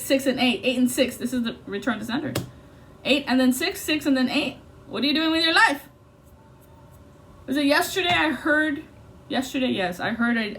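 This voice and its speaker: A woman's voice: on the high side, a little hiss or hum. A woman giving an intuitive tarot reading in an intense, blunt and profane way. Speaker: tarot reader.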